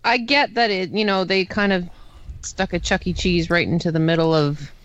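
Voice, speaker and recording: A man's voice: high voice, normal speed, highs cut off, a little hiss or hum. A man co-hosting a casual podcast chat, telling stories and acting out the voices of the people in them. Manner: animated storyteller, acts out quoted voices. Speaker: podcast co-host.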